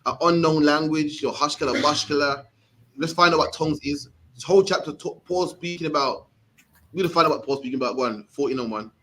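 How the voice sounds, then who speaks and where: Man, Birmingham accent, young adult, rapid speech, slightly high voice, streetwise scripture teacher. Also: a bit bright, slight background noise. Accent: Birmingham English. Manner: fast, streetwise, ends phrases with "man". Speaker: religious class teacher. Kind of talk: scripture breakdown class.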